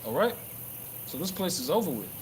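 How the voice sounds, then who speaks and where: Guy street-preaching in a park, swears a lot, lots of um and uh, kinda high voice, outdoor noise behind him. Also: sing-song, fairly quick, poor audio. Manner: profane, rambling with many fillers and restarts. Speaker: religious livestreamer. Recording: clear outdoor background noise.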